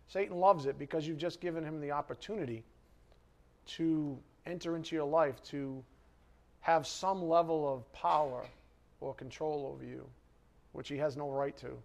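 A male pastor delivers a sermon in a church hall, his voice sitting a little high. He talks straight to the congregation with lots of questions and sudden animated surges. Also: moderate pace, creaky, long pauses. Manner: animated, asks the congregation questions, rises sharply when worked up.

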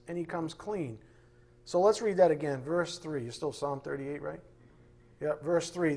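Joking, animated man teaching Bible class. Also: a little high, moderate pace, breathy edge. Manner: animated, joking, acts out voices.

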